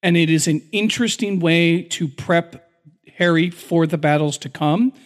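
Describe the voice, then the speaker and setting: Man, fairly high voice, earnest podcast recap, emotional. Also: measured pace. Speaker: podcast co-host.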